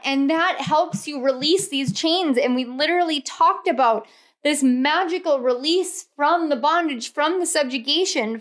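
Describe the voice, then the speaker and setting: A woman's voice: high voice, fairly bright tone. Emotional, giggly woman reading tarot. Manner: emotional, laughing often, gushing. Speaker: tarot reader.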